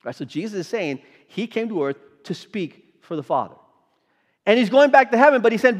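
Preaching in a church sanctuary, this man sounds very animated, his high voice moving fairly quickly. He emphatically quizzes the congregation with rhetorical questions, and long hall reverb trails his words.

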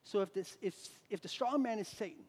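A man preaching a sermon as a pastor, swinging between loud emphatic lines and quiet asides. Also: high voice, fairly quick, slightly rough. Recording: reverberant hall.

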